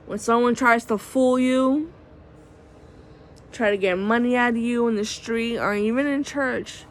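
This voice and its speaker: A woman, telling a story in a casual vlog, animated and swearing freely. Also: a little high, a little slow, a little hiss or hum. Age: 30s. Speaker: vlogger.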